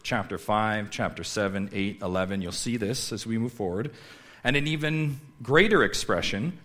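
Emphatic low-voiced male preacher. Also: fairly bright tone. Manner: emphatic, repeats key words, asks the congregation questions. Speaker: pastor. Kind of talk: sermon.

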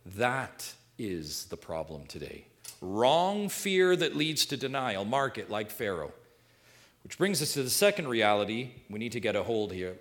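A man preaching a sermon as pastor, swinging between quiet, low passages and loud, soaring ones.

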